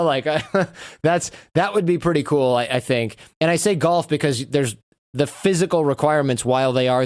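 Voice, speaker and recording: A man's voice: mid-range voice, smooth, no room sound, clean studio sound. A man, a guest on a podcast, telling stories in casual conversation and acting out the lines of people he quotes. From United States. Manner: animated storyteller who acts out quoted lines.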